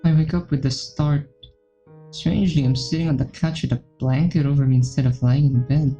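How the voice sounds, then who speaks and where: A man's voice: a little high, brisk. Man reading a visual novel aloud. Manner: steady first-person narration. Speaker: gaming YouTuber. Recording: dull lo-fi recording with faint music.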